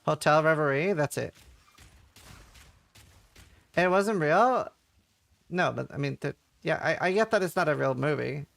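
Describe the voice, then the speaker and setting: A man's voice: on the high side, a little slow, creaky, pauses often, a bit bright, dry recording. A man chatting casually as a streamer while playing a game, slangy and playful. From Norway. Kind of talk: casual gaming commentary.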